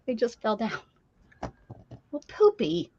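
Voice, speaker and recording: Lively chatty woman streaming. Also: fairly high pitch, slow, highs cut off. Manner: chatty and animated, greets viewers by name, coaxes her dog. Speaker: craft livestream host. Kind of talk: casual livestream chat.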